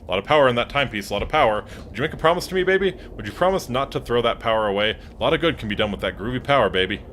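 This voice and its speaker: A man's voice: mid-range voice, expressive, racing, fairly bright tone, a little hiss or hum, lightly acted. A man voicing a laid-back swinging-sixties character full of groovy slang. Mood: smooth.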